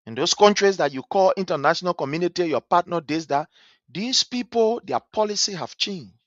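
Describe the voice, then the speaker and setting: Scornful Liberian man, lively delivery. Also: high voice, fairly quick, dry recording. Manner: scornful and emphatic, repeats phrases for effect. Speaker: political commentator. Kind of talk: impassioned political commentary. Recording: dull lo-fi stream audio.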